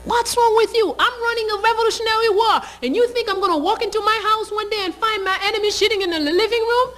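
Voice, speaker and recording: A woman voicing a proud male army general who is indignant and shouting. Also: very high voice, quick pace, voice pushed up. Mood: furious.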